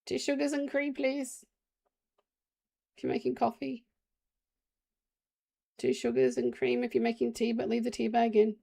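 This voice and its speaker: Her voice is fairly high, sing-song, gravelly and mellow, at a moderate pace with long pauses. An Australian streamer, she talks casually to viewers while gaming, rambling chattily from subject to subject.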